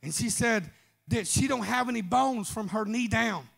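A man preaching a sermon, telling a story and then rising into fervent shouts. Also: extremely high pitch, animated, normal speed, gravelly. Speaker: pastor.

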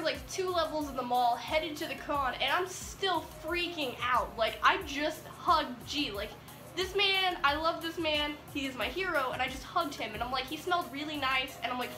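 A teenage girl telling an excited vlog story, rambling giddily with lots of "like"s. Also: high voice, moderate pace. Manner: giddy, rambling with many "like"s. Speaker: vlogger. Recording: echoey room with faint music.

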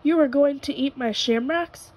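A woman voicing an eager, cheerful young male rabbit in a storybook reading, speaking brightly and earnestly. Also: high voice, moderate pace, lo-fi sound, pitched above the performer's own voice, lightly acted. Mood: dismayed.

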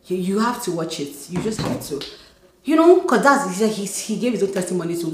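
A young Nigerian woman vlogging from home, telling stories excitedly and acting out dialogue. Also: medium pitch, brisk, slight background noise. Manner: excited, animated storytelling, acts out dialogue. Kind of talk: casual vlog talk. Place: home, indoors. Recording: echoey room.

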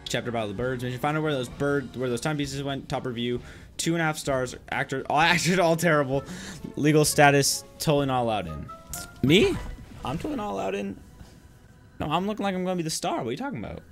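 A man casually commentating his game stream, chatty and quick to react and laugh. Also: mid-range voice, animated, faint music behind.

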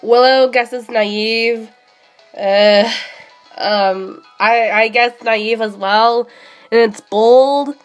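A woman streamer chatting casually and excitably while playing a game, often pausing on drawn-out fillers. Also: a little high, faint music behind. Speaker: streamer hunting shiny creatures in a game. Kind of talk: casual live-stream chat.

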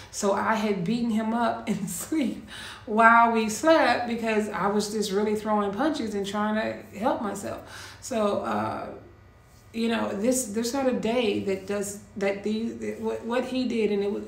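A woman telling a painful personal story in a slow, quietly intense monologue with heavy pauses. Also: mid-range voice, creaky. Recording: echoey room with faint ambient noise.

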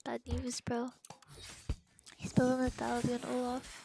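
A woman's voice: on the high side, monotone, a little slow, gravelly. A woman streamer giving casual, profane, exasperated running commentary while she plays a game.

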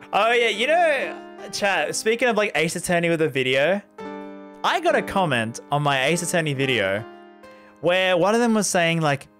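A man's voice: high-pitched, very animated, measured pace, long pauses, fairly bright tone, faint music behind. A man streaming a visual novel, chatting casually with his viewers, rambling and laughing often. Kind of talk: casual live-stream chat while playing a visual novel.

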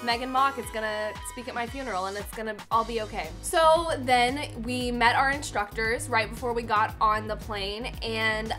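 A woman's voice: a little high, steady tone, normal speed, hardly any pauses, music in the background. A young woman chatting to her camera in a giggly, self-mocking way, telling a story to her viewers. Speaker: vlogger. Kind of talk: casual chat to camera. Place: indoors, sitting on a cardboard box.

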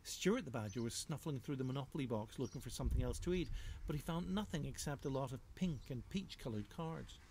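Man, children's author, storybook read-aloud, playful and rhythmic, medium pitch. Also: animated, brisk, vocal fry, a little mellow, slight background noise. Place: home.

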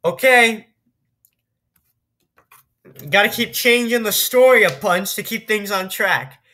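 A woman's voice: mid-range voice, slow, pushed and bright. A woman doing gameplay commentary, reading a text story aloud and reacting with incredulous, swearing, laughing remarks. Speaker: video game streamer.

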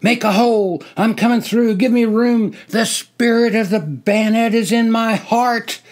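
An older man voicing his younger self as a young male army recruit who shouts wildly and acts crazed during bayonet drill. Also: extremely high pitch, measured pace, pitched above the performer's own voice.

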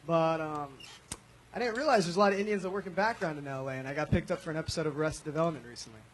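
A man's voice: a little high, rapid-fire, slight background noise. A young man from North Miami, an eager, self-deprecating open-mic comedian doing a stand-up set and then taking notes on it. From North Miami, USA.

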